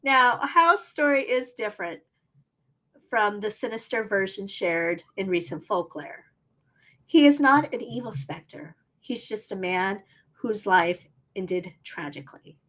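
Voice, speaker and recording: A woman co-hosting a podcast, reading history aloud in an easy, chatty way. Her voice sits in a middle pitch and she teases her co-host between readings. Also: expressive, a little slow, fairly bright tone. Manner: reads history aloud, laughs easily, teasing. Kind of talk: casual podcast chat and history narration.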